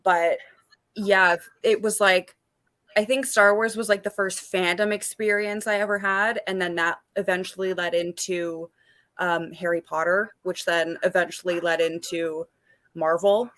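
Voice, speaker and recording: Uma mulher de uns trinta anos, convidada de um bate-papo ao vivo, falando de forma descontraída e rindo com facilidade. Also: female voice, fairly low pitch, fairly even intonation, unhurried, a bit bright. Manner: chatty, laughs easily, fillers like "like". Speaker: panel guest. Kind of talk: casual livestream panel chat. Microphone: video call.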